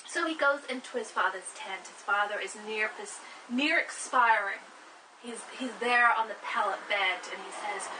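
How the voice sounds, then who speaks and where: A woman hosting, retelling an old story in a casual, wry and animated way. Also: medium pitch, moderate pace, recorded from a distance, noisy background. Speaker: host.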